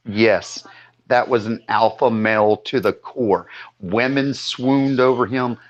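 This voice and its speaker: A man hosting a podcast, giving slow, opinionated views with casual swearing. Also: medium pitch, fairly even intonation, muffled recording. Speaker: podcast host.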